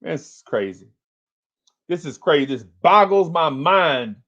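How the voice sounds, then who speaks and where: A man hosts a sports talk livestream in a fairly high voice, ranting with exasperation. He repeats his complaints over and over and climbs into shouts. The audio is dull and lo-fi, like a home stream. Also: lively intonation, unhurried. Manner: exasperated, repetitive, rising to shouts.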